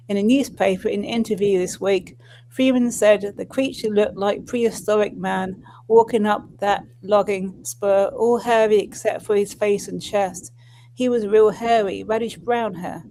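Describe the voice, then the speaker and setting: A woman co-hosting a livestream, reading a news article aloud at a steady pace with small restarts. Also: mid-range voice, a little hiss or hum, rough recording.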